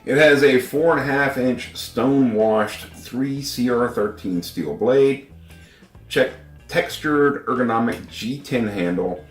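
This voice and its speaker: A man reviewing a pocket knife in a casual vlog. He has a runny nose, keeps clearing his throat, and chuckles at himself in a wry, laid-back way. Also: mid-range voice, reverberant.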